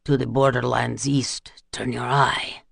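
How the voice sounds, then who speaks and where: Male narrator as a crazed vampire rogue: slow, gravelly, whispery sing-song chant. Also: mid-range voice, level tone, a bit bright, no echo, clean studio sound, voice pushed down, exaggerated voice.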